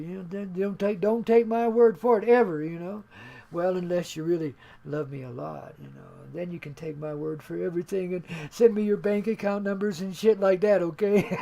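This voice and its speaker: A man's voice: high-pitched, vocal fry, mellow. An older man hosting his own radio show, talking in a folksy, laid-back, rambling way about spirit and life and laughing at his own jokes.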